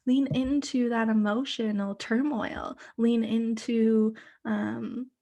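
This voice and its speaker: A woman hosting her own podcast, talking casually on her own, full of fillers and swearing, and sometimes dropping to a soft whisper. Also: fairly high pitch, fairly even intonation, slow. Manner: chatty, many fillers, frequent swearing. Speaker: podcast host. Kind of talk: casual solo podcast monologue.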